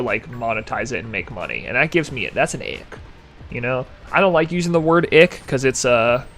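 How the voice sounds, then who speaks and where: A young man talks loosely to his stream chat, wandering off on jokes and reading messages out loud. His voice swings up and down a lot while it stays mid-pitched. Soft music plays quietly underneath. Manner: rambling, jokey, reads chat aloud. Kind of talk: casual live-stream chat.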